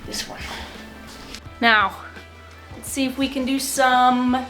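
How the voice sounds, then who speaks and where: A woman's voice: high-pitched, takes it slowly, fairly bright tone, soft background music. A young woman chatting playfully to her own handheld camera at a mountain training base, joking at her own expense. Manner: chatty, playful and self-mocking. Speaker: marathon runner vlogger. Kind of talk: casual vlog chat to camera. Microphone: handheld camera mic.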